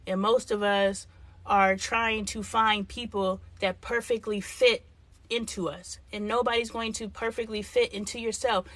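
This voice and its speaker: A woman's voice: medium pitch, steady tone, unhurried, fairly bright tone, no echo. A middle-aged woman hosting a livestream, chatting frankly and thinking aloud as she answers viewers' comments. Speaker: livestream host. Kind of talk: casual livestream chat reading comments.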